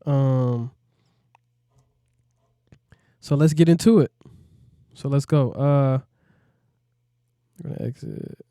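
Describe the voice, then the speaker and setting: A man's voice: medium pitch, slow pace, long pauses, warm tone, no room sound, clean studio sound. A man, a music producer, walking through a plugin in a laid-back, rambling way, often asking "you know what I mean". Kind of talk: casual tutorial walkthrough.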